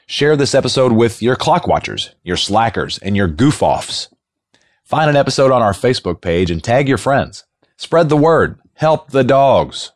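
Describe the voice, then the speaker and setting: A man's voice: medium pitch, sing-song, moderate pace, no room sound. A man hosting a podcast who reads an upbeat scripted intro and then asks probing questions in casual chat. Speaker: podcast co-host.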